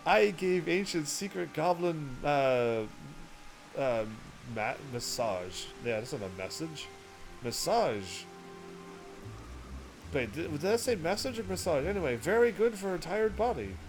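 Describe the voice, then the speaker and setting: Man doing a halting, broken-talking goblin. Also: fairly high pitch, big pitch swings, faint music behind, rough recording. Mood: sheepish. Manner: halting broken speech, stumbling over words. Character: sheepish goblin hunter in broken speech.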